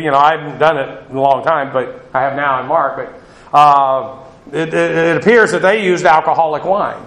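A man's voice: fairly high pitch, a bit bright, echoey room, rough recording. A male pastor giving a conversational Bible teaching, loose and digressive with many fillers. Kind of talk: sermon.

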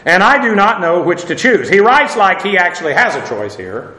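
A man's voice: high-pitched, sing-song, normal speed, pushed and bright, roomy sound. A man preaching a casual sermon, chatty, with wry asides and many fillers.

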